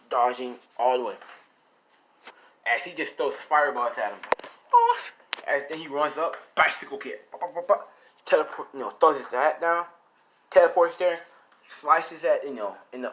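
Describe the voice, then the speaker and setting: A man's voice: medium pitch, pushed and bright, slight background noise. A young man improvising a fan-fiction story, rambling and casual, swearing often and full of fillers.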